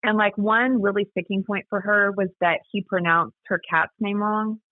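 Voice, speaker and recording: A woman's voice: mid-range voice, steady tone, normal speed, no echo. A woman guest telling her story in a chatty, casual way, full of "like" and "you know", heard over a remote call. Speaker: guest, daughter of a scam victim. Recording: tinny phone-line sound.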